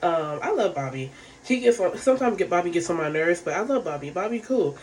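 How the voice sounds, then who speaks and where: A woman's voice: fairly low pitch, expressive, fairly quick, a little mellow, a little hiss or hum. A woman giving a casual, rambling recap of a reality show, frank and profane, full of fillers.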